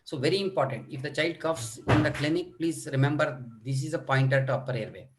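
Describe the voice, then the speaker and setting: Lecturing online about children's coughs, a middle-aged man with a higher-leaning voice talks a little fast over a noisy background. This pediatric lecturer demonstrates coughs and fills his speech with fillers.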